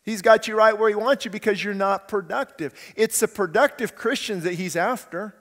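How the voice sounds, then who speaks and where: A man's voice: high voice, moderate pace, fairly bright tone. A man preaching a sermon as pastor, earnest and conversational, asking the congregation rhetorical questions. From California, USA. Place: church sanctuary. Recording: long church hall reverb.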